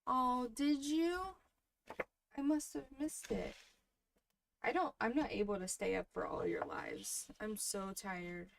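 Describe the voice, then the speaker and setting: A woman in her thirties hosting a crafting livestream, chatting softly and casually with her viewers while she works. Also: mid-range voice, animated, a little slow, gravelly, slight background noise. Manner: soft-spoken, chatty, talks to viewers in the chat.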